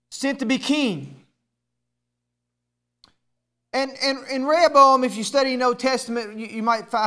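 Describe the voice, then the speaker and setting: A male pastor preaching a sermon, often repeating words as he restarts, then building to emphatic, raised passages. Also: very high voice. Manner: stammering word repeats, building to emphatic shouts.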